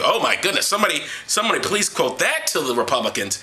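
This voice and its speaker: A man reads passages aloud and mocks them with irreverent, sarcastic commentary. His voice is bright and edgy, and his pitch leaps around wildly as he hums and exaggerates his reactions. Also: big pitch swings, quick pace, hardly any pauses. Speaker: host of an atheist commentary series. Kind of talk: sarcastic solo commentary on scripture.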